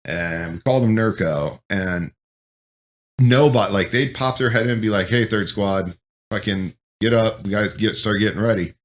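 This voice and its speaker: A man hosting a casual talk show, telling war stories in a profane, animated way. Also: lowish voice, moderate pace. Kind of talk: casual chat.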